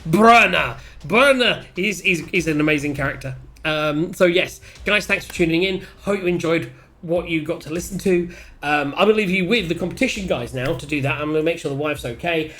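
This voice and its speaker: A man chatting excitedly as a player wrapping up a tabletop game session, swearing freely. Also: on the high side, brisk. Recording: faint music behind.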